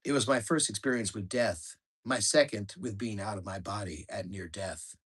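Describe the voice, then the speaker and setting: A man reading his own memoir aloud in a calm, measured, matter-of-fact way. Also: lowish voice, breathy edge. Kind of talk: audiobook memoir narration.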